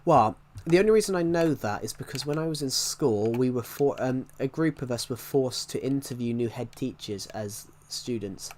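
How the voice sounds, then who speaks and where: A man's voice: medium pitch, darkish tone. Rambling young man streaming. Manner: rambling, halting, many restarts. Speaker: live streamer. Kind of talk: casual live-stream chat while gaming.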